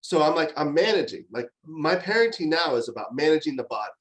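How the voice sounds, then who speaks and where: A middle-aged man delivers a chatty university lecture about parenting, telling stories animatedly with lots of fillers and restarts. His voice runs slightly high and quick, and the recording is rough.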